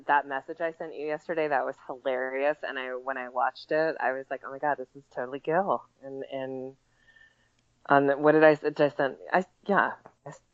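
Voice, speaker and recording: A woman's voice: deep voice, smooth, no room sound. A woman co-hosting a casual sports podcast, teasing and laughing with stumbling restarts. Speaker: podcast co-host. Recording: dull lo-fi sound.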